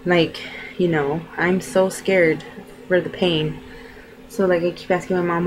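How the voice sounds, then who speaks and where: A young woman talks casually to her camera, rambling along with plenty of fillers. Her voice sits a little on the low side. A faint hiss of noise runs behind her. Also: level tone, unhurried. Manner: chatty, rambling, full of fillers. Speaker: vlogger. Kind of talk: casual chat.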